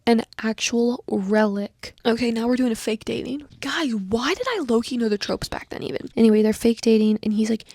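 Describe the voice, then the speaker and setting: A woman's voice: on the high side, moderate pace, few pauses, darkish tone, no room sound. A young woman casually reading aloud her old fanfiction and reacting with sarcastic, giggly commentary, dropping into whispers and squealing at times.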